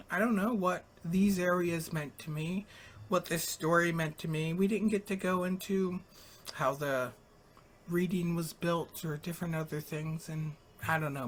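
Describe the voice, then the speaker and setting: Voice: medium pitch, a little hiss or hum. A late-night radio host in casual live talk, with a voice in the middle range. The delivery is rambling and frank, and casual swearing comes in easily.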